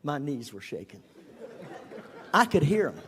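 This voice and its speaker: An older man tells a personal story to a congregation in a high voice. He is animated and drops to a whisper for emphasis, then rises again. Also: unhurried, some chatter behind, a little hiss or hum. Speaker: speaker giving a testimony.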